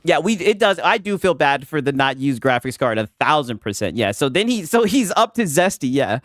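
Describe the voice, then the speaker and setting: A man's voice: a little high, sing-song, a little fast, fairly bright tone, no room sound, clean studio sound. A man hosting a casual podcast chat, teasing his co-host, laughing often and tagging his sentences with "right?".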